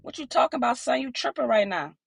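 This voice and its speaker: Woman doing an angry young man, pitched up. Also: lively intonation, fast talker, gravelly, soft background music. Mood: confrontational. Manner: aggressive, confrontational.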